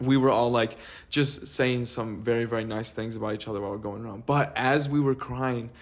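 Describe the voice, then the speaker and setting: A man's voice: mid-range voice, fairly even intonation, fairly quick. A young man in casual chat, earnestly rambling through a heartfelt story.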